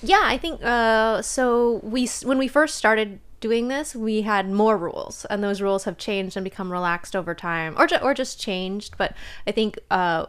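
Smooth-voiced woman co-hosting a podcast. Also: medium pitch, moderate pace, a bit bright. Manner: chatty, laughs easily, frequent "like" fillers. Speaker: podcast co-host. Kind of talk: casual chat.

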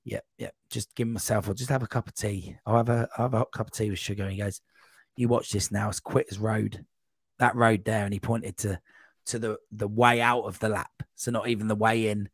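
A man guest on a podcast, telling a long, rambling running anecdote in a casual, animated way. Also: lowish voice, a little fast, breathy edge, dry recording. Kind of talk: casual storytelling.

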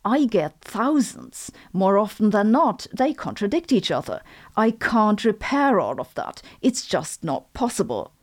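A woman's voice: medium pitch, sing-song, measured pace, darkish tone. A woman with a German accent, a physicist hosting her own channel, delivering a scripted educational talk with dry, sarcastic asides. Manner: lecturing with dry sarcastic jokes. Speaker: physicist and video host.

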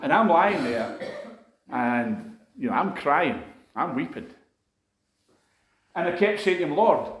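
A man preaching a sermon, telling a personal story in an earnest, conversational way full of asides. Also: on the high side. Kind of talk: sermon testimony. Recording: echoey room.

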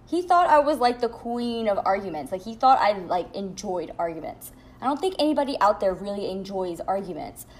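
A young woman telling a storytime vlog at home in a blunt, profane, animated way. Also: medium pitch, brisk, hardly any pauses. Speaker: vlogger. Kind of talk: storytime monologue.

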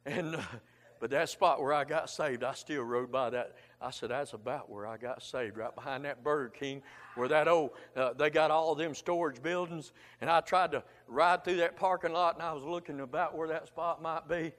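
A man's voice: a little high, normal speed, fairly bright tone. A man preaching a fervent, colloquial Baptist sermon, dropping "amen" after nearly every thought. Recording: long hall reverb.

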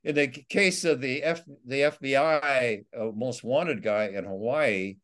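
A man's voice: mid-range voice, unhurried, a bit bright. A man, an author being interviewed, telling his survival stories in a rambling way with many restarts. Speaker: author and guest. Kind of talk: storytelling interview.

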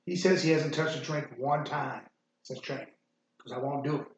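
A man's voice: on the high side, fairly even intonation, normal speed. A man hosting a casual sports chat podcast, rambling and swearing freely. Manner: rambling and profane, frequent fillers. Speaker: podcast host. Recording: echoey room, muffled sound.

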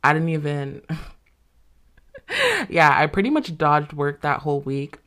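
Low-voiced woman podcaster telling a story. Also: wildly swooping pitch, takes it slowly, a bit bright. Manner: candid, swears freely, lots of fillers. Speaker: podcast host. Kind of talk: casual storytelling to listeners.

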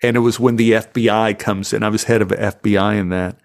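A man's voice: on the low side, fairly quick. American guy, middle-aged, yarning on a podcast, jumps into silly voices for quotes. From United States. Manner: animated storyteller acting out voices in quotes. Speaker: actor guest. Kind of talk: storytelling interview.

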